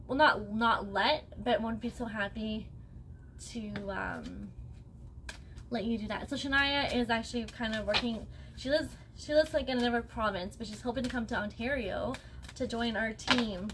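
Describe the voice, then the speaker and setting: A young woman with a fairly high voice gives a casual spirit reading on a live stream. She talks loosely and reassuringly, often pausing to ask "okay?" A faint ambient hum sits under her voice. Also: fairly even intonation, fairly bright tone. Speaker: psychic medium.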